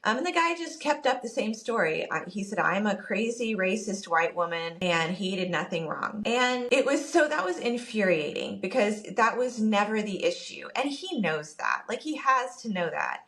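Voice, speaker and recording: A woman podcast co-host telling a personal story in casual chat, animated and quick to quote what everyone said. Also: medium pitch. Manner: animated, quotes people in her story, rushes when upset.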